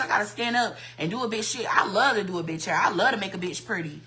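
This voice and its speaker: A woman's voice: mid-range voice, fast talker, hardly any pauses, sharp tone, poor audio. A woman hairstylist on a livestream, ranting heatedly and profanely and repeating herself. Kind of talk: livestream rant.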